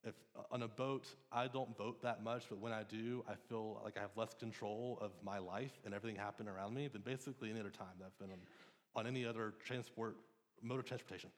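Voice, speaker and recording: A man's voice: on the low side, steady tone, fast talker. Earnest man preaching in a reverberant hall. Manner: conversational, earnest, with frequent restarts and ums. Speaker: pastor. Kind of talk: sermon. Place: church sanctuary. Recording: long reverb of a church hall.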